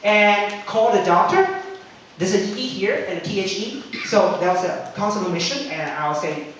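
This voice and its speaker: A man's voice: high-pitched, expressive, moderate pace, slight background noise. Man, chatty teacher trainer; recorded far off in a very echoey room. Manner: chatty, frequent "okay?" checks, demonstrates chants. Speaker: English teacher.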